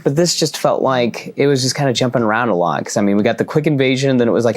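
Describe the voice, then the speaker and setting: A man's voice: mid-range voice, fast talker, hardly any pauses. A man hosting a casual comic book recap and review, talking conversationally to his fans.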